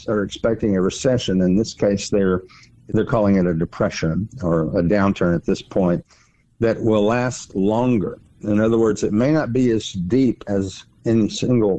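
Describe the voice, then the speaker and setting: A man's voice: lowish voice, dark tone, rough recording. A middle-aged man hosting a financial radio show, explaining at length and stressing points by repeating words. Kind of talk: casual explanatory talk.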